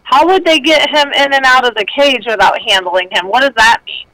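A woman's voice: high-pitched, a little fast, bright, forceful tone, dry recording. A woman calling in to a radio show, talkative and folksy, heard over a phone line. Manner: talkative, self-deprecating, folksy. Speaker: radio caller. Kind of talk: casual phone-in chat.

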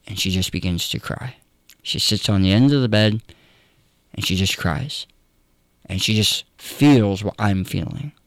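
A pastor telling a personal story in an interview, candid and earnest. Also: male voice, fairly low pitch, no room sound. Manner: candid, earnest, conversational with fillers.

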